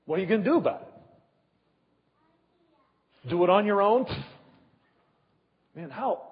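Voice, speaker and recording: A husky male pastor preaches slowly, leaning on rhetorical questions and long pauses. His high voice climbs and drops dramatically from word to word. The sound is dull and carries a long hall reverb. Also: huge pitch swings. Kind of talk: sermon.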